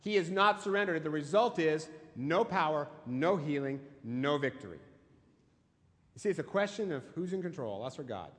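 High-voiced male pastor preaching. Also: expressive, moderate pace, a bit bright, in a large hall. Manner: emphatic storytelling with rhetorical questions. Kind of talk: sermon.

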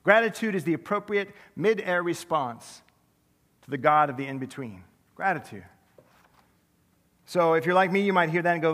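A man preaching a sermon as pastor, conversational and self-deprecating, with quick humorous asides. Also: a little high, lively intonation, a bit bright, in a large hall. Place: large church sanctuary.

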